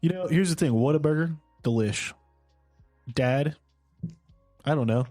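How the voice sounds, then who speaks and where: A man's voice: a little high, unhurried, dark tone, dry recording, soft background music. Brief: laughing, joking man, podcast co-host, dry studio sound. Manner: joking, laughs often, riffs on ideas. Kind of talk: casual comedic chat.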